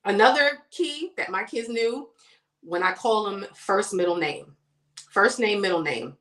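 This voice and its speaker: Chatting casually while doing her makeup on a livestream, this beauty host addresses viewers as y'all and girl. Her medium-pitched voice is expressive, a little slow and somewhat bright, and the room sounds echoey.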